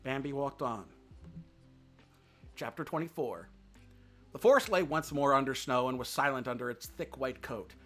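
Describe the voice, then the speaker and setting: Bright-voiced man reading a storybook. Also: mid-range voice, animated, normal speed, pauses often, soft background music. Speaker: streamer reading a book aloud.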